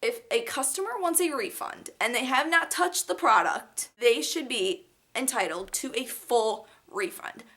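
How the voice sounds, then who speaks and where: Young woman vlogger, bright voice, lively and indignant storytime. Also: fairly high pitch, a little slow. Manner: animated and indignant, full of "like". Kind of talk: storytime vlog.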